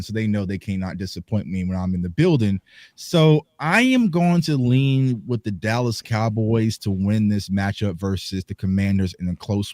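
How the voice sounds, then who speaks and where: A man with a mid-pitched voice talks through his game pick in a measured way, often pausing on "um." The sound is dry and close, from a home mic on a live video call. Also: a little mellow, no echo. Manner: measured, lots of "um" and "you know". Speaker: Cowboys fan panelist. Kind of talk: casual sports chat.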